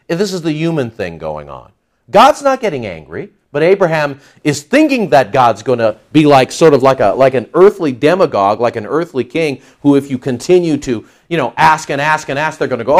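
A man preaching a sermon, lively and emphatic, asking the listeners rhetorical questions. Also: mid-range voice, a little fast. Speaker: pastor.

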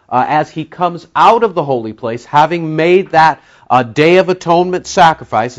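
Guy preaching thru a bible passage, chatty w lots of uhs, kinda dull lo-fi sound. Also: fairly high pitch. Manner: conversational, many fillers, slows to stress key words. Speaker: pastor teaching a Bible study. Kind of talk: expository sermon.

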